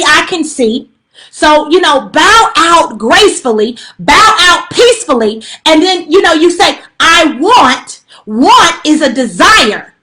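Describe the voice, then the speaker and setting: A woman's voice: very high voice, sharp tone. A woman on a live stream delivering an emphatic spiritual plea, preachy and repetitive, with casual slang and many fillers. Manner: preachy, emphatic, repeats pleas and warnings; casual slang-laced talk with frequent fillers. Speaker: livestreamer giving a spiritual message. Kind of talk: impassioned direct-address livestream plea. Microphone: phone on a live stream.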